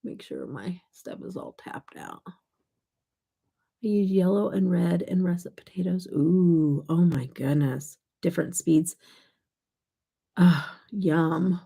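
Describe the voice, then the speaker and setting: An older woman with a gravelly, slightly low voice, chatting casually on her makeup vlog. She rambles through family stories and answers chat comments as she works. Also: slow, warm tone. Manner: chatty, storytelling, reads live chat aloud. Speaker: makeup vlogger.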